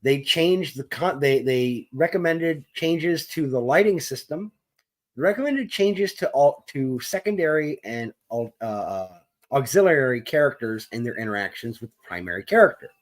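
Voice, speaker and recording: A man's voice: medium pitch, lively intonation, moderate pace. A man co-hosting a gaming podcast, ranting heatedly and profanely in wordy, formal language. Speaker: podcast co-host. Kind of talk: opinionated gaming discussion.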